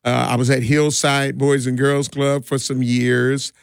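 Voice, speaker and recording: A man's voice: medium pitch, flat delivery, a little slow, vocal fry, clean tone, dry recording, clean studio sound. A middle-aged man from Milwaukee, a DJ who organizes community parties, telling stories in an easygoing way, with laughs and many restarts. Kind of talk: casual interview storytelling.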